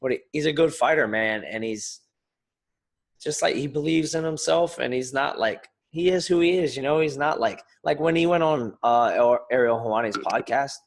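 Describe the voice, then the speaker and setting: A man co-hosting a casual podcast, talking in an animated, rambling way and swearing freely. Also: mid-range voice, normal speed. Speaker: podcast co-host, fighter. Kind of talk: casual chat.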